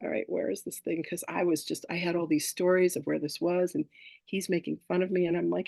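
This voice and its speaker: A woman hosting a spiritual workshop, talking casually with affection and telling stories in an animated way. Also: on the low side, brisk, vocal fry, slightly rough, no room sound. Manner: affectionate, animated storyteller who greets people warmly.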